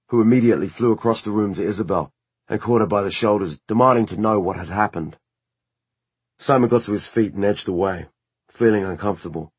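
Husky male audiobook narrator. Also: fairly low pitch, dry recording.

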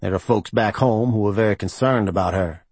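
A narrator plays a heavyset private investigator with a deep, scratchy voice and a slight American twang. He presses politely but keeps pushing, low and husky, recorded close and dry. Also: fairly quick, a little mellow, dry recording. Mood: insistent. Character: barrel-chested middle-aged private investigator.

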